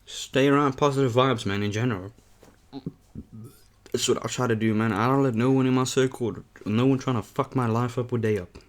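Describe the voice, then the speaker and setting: Young guy doing a mukbang vlog, mid pitch, rambly and chill, keeps saying man. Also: steady tone, fairly quick. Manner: rambling and candid, says "man" a lot. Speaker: mukbang vlogger. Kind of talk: casual talk to camera while eating.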